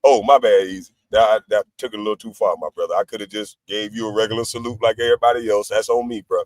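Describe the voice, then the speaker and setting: A middle-aged man talks fast in a lowish, steady voice as he hosts a livestream and trash-talks his critics, bragging and swearing. The recording is dry.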